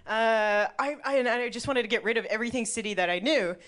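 A woman's voice: on the high side, fast, fairly bright tone. A woman in her thirties from the Midwest, telling a personal story to a live audience in a chatty, laughing way, full of "like" and swearing. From Milwaukee, Wisconsin, USA.

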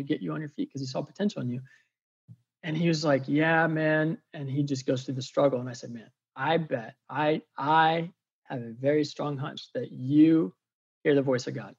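Brief: eager male storyteller, fairly high voice with rasp, dull recording. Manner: excitable, chatty, many fillers. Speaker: faith coach. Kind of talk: animated storytelling testimony.

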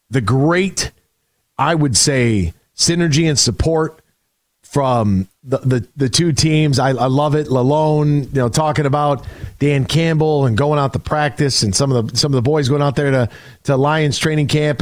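A man's voice: mid-range voice, no echo, studio quality. A man hosting a sports radio show in a casual, emphatic style, often restarting his sentences. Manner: conversational, emphatic, frequent restarts.

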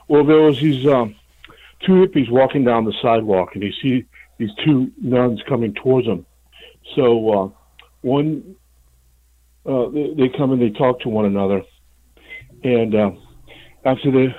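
A mid-pitched male caller tells a joke in a halting way, often stopping on fillers. His voice is dry and thin, as it comes over a phone line. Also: no room sound. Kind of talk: telling a joke on call-in radio.

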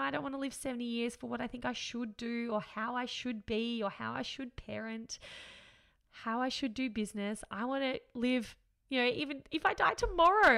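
A woman's voice: a little high, gravelly, a bit bright. A woman, hosting a solo podcast in an earnest, upbeat, reflective way, often laughing. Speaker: podcast host.

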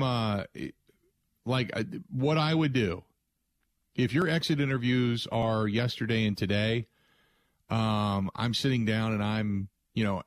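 Male talk-radio host, emphatic and rambling, mid-pitched voice, dry studio mic. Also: no room sound. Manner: emphatic, rambling with frequent restarts. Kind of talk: opinionated sports talk radio monologue.

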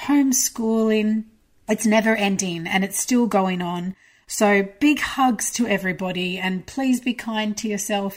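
Hoarse, chatty woman podcast host. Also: mid-range voice. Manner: chatty, encouraging. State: hoarse from a cold. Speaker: podcast host and marketing coach. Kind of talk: casual podcast talk.

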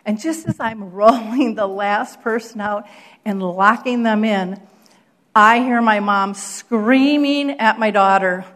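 A middle-aged woman giving a keynote talk, telling a story with lively acted quotes and frequent laughter. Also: mid-range voice, takes it slowly. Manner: animated storyteller, acts out quotes, laughs often. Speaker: keynote speaker.

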